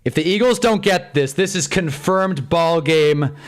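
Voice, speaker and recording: Young man, fairly high voice, live game commentary, excitable, faint music behind. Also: a little slow. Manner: excitable, swings from glum to shouting joy. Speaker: live-stream host.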